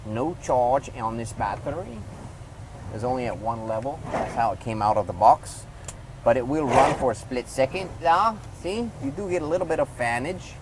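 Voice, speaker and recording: A man's voice: medium pitch, lively intonation, moderate pace, noisy background. A man giving a casual hands-on product review, rambling loosely and talking to the viewer as he demonstrates.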